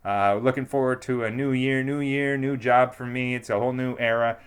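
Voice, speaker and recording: A man's voice: medium pitch, fairly even intonation, fairly quick, clear, resonant tone. A young man co-hosting a podcast, telling a story in a rambling casual way, full of fillers and restarts, raising his voice to act out quotes. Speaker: podcast co-host.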